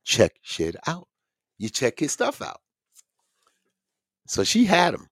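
A man's voice: on the high side, slow, husky, no room sound, clean studio sound. A man hosting a podcast, ranting in casual, profane commentary. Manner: animated, swearing, ranting. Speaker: podcast host.

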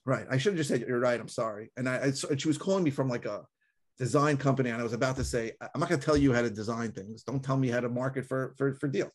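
A fast-talking man co-hosts a relaxed podcast conversation. He tells stories with energy and acts out the callers he describes. His pitch sits in the middle for a man. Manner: animated storyteller, acts out callers. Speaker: podcast co-host.

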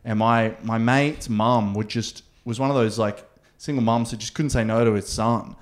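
A young man rambles through stories in a casual chat and swears freely. His voice sits at an ordinary mid pitch. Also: fairly even intonation, moderate pace.

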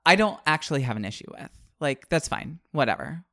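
A man's voice: on the high side, brisk, dry recording, clean studio sound. A man co-hosting a podcast, reviewing a book in casual chat, sarcastic and wired on caffeine. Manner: animated, sarcastic, swings between loud and muttered asides. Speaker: podcast co-host.

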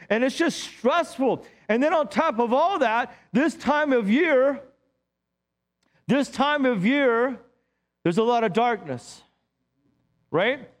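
A middle-aged man, a pastor, preaching a sermon in a church with lively, joking storytelling. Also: high voice.

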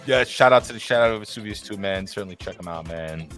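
A man hosting a casual football podcast, speaking in a relaxed, friendly way. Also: low-pitched, fast, music in the background. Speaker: podcast host. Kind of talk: casual podcast sign-off chat.

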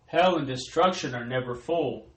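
A man reading Bible verses aloud in a slow, measured way during a sermon. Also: medium pitch, fairly bright tone, echoey room, poor audio. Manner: slow, measured recitation of old-style verse. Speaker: scripture reader.

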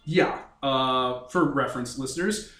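A man's voice: mid-range voice, unhurried, sharp tone. A man running a tabletop game on a podcast, explaining things to listeners in a rambling way with casual swearing. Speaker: game master. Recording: echoey room with faint noise.

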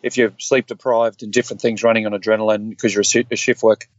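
A man's voice: lowish voice, fast talker, dry recording, dull audio. An earnest man in his fifties, a guest telling stories from his own life and acting out the voices of the people in them. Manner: earnest, animated, acts out quoted dialogue. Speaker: guest, former police officer. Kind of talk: candid conversational storytelling.

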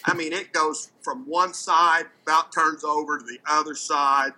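A man with a very bright, ringing voice tells a story in loose, casual talk. He is animated, trips over repeated words, and sometimes jumps his voice up to act out what people said. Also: a little high, normal speed, rough recording.

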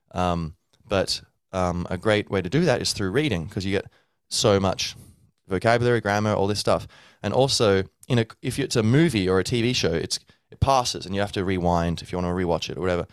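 A deep-voiced man hosts a podcast, talking a little fast with hardly any pauses in a clean tone. His casual teaching monologue rambles, with many fillers and restarts, as he plays out a learner's thoughts. The recording is dry, clean studio sound.

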